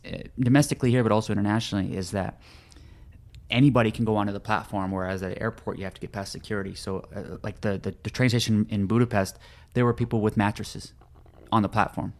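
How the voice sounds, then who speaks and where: A man being interviewed as a guest author on a podcast, chatting casually and quickly, often repeating words as he starts sentences. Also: fairly low pitch, steady tone, a little mellow. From United States.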